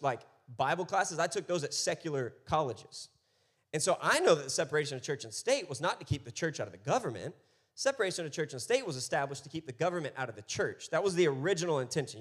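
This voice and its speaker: A man in his thirties preaching a sermon as pastor, telling stories and acting out voices with animation. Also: on the high side. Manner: animated storytelling, acts out voices.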